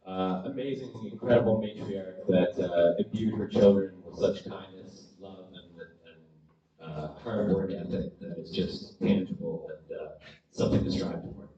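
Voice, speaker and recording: Middle-aged man, halting memorial speech, low voice, roomy dull sound from afar. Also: steady tone, warm tone. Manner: halting, many "uh" fillers, wry. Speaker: family friend giving a eulogy. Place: large hall at a memorial gathering. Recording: roomy, far from the mic, dull.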